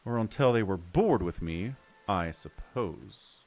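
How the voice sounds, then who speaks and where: A man's voice: lowish voice, animated, slow, a little mellow, faint music behind. A man voicing an eager, grateful young male dwarf cook in a fantasy game, in a raised voice.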